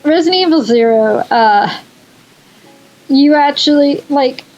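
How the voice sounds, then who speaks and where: A woman guest on a podcast, chatting casually about video games in a relaxed, blunt, opinionated way. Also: sits high, unhurried, muffled recording, a little hiss or hum. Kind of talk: casual gaming chat.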